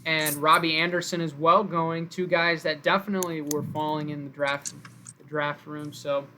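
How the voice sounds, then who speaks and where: A man's voice: fairly high pitch, level tone, normal speed, pushed and bright, a little hiss or hum. A man hosting a live stream, casually announcing picks and thanking viewers over an online call. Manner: upbeat play-by-play, thanks viewers. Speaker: host announcing draft picks.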